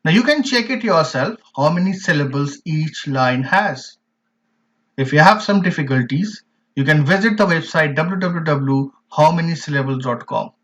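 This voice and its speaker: A man teaching a poetry lesson in an online class, explaining terms slowly and emphatically with repeated examples. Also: on the high side, lively intonation, fairly bright tone. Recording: dull lo-fi recording.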